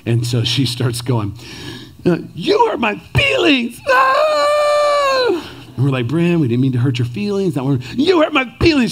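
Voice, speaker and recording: A man in his thirties preaching a sermon to fathers, animated and conversational, often checking in with "right?". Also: fairly high pitch, vocal fry. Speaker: pastor.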